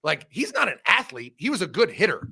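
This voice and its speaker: Animated, profane man from Ohio. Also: high voice, brisk, vocal fry, breathy edge. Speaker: former football coach, guest. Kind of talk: casual sports chat.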